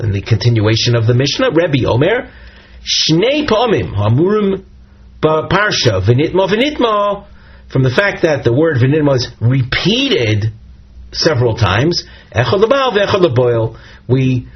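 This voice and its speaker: Man, Talmud lesson, husky voice, muffled lo-fi sound. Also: mid-range voice. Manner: reads Aramaic text aloud then explains it in English, step by step. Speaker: Talmud teacher. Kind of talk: Daf Yomi Talmud lesson. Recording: dull lo-fi recording.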